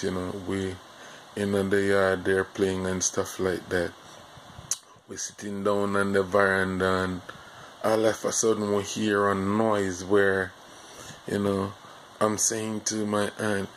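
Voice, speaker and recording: A Jamaican man drawls through a casual storytime monologue, slow and rambling, with plenty of filler words. His voice is gravelly and sits low and flat. A faint hum of noise sits under the recording. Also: rough recording. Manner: rambling, halting delivery full of "you know" fillers.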